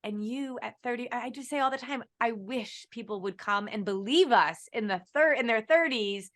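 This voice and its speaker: An upbeat woman hosts a live-stream chat with a bright, forceful edge to her voice. She encourages her guest and speaks straight to the viewers, keeping the talk lively. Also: a little high, normal speed. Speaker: host, nutrition business owner.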